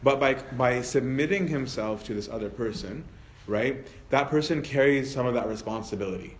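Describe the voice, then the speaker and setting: A male priest leading a Bible study in a relaxed teaching manner, often adding tag questions and restarting sentences. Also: medium pitch, normal speed. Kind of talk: conversational teaching talk.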